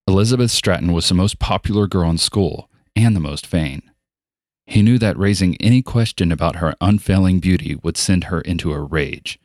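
A man narrating an audiobook in an even, steady storytelling voice. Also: sits low, moderate pace, dry recording, clean studio sound. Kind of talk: scripted narration.

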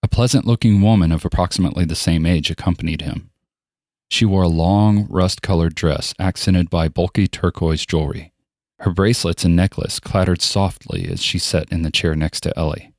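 A man narrating an audiobook in an even, steady storytelling voice. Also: deep voice, moderate pace, no echo, studio quality. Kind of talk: scripted narration.

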